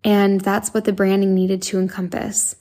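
A young woman talks to her audience in a loose, earnest monologue. She leans on fillers and restarts as she goes. Her voice carries a gravelly fry and stays in a narrow, even pitch band. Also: moderate pace. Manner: chatty, earnest, filler-heavy with frequent likes and restarts. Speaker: podcast host and meditation app founder. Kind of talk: casual monologue.

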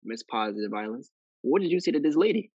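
A man with a husky voice hosts a casual podcast and teases his guest with slangy jokes. The sound is dry and close, with no room around it. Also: medium pitch, sing-song, fast, darkish tone, dry recording, highs cut off. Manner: joking, teasing questions, slangy. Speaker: podcast host. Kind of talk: casual chat.

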